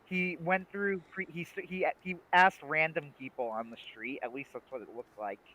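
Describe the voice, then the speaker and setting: A man's voice: on the high side, normal speed, sharp tone, dry recording, low-quality recording. A man co-hosting a livestream, chatting casually and making emphatic, opinionated points. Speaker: livestream co-host. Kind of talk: casual chat.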